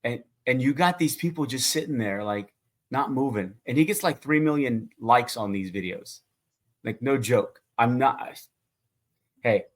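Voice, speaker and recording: A man's voice: medium pitch, animated, a little slow. A man co-hosting a casual chat, talking in a chatty, enthusiastic way that wanders into digressions, on a video call. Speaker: co-host asking questions.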